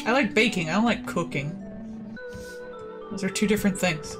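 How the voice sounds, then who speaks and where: A woman from the southern United States, an artist chatting casually on a stream, wry and animated, who swears offhandedly. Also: medium pitch, moderate pace, over music. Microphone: headset.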